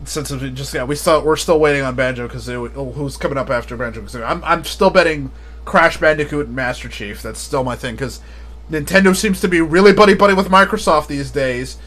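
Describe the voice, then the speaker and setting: A man's voice: on the high side, a little fast, fairly bright tone. A man chatting casually on a live stream, rambling and often laughing at his own jokes.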